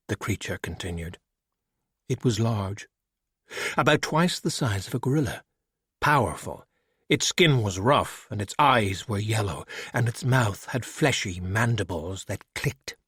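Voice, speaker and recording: Man, audiobook narration, husky, slow, expressive. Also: lowish voice, no echo, studio quality. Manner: measured, expressive storytelling.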